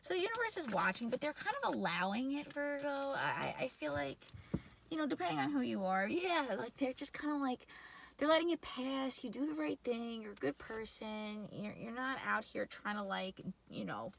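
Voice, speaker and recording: A woman with a New York accent giving a casual, rambling tarot reading, full of fillers and quick laughs. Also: sits high, sing-song, gravelly, slight background noise. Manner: chatty, rambling, lots of "like" and laughs. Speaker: tarot reader.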